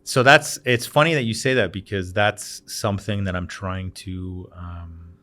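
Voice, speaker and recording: Low-voiced canadian guy in his 30s, bar owner on a podcast, gets animated doing everyone's voices. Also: unhurried, a little hiss or hum. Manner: animated storyteller, acts out quoted voices. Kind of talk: casual chat.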